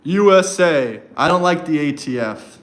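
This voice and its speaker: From his own setup, an American man runs a casual livestream, taunting and challenging his chat directly. His slightly high voice is a bit bright and animated, and he talks a little slowly.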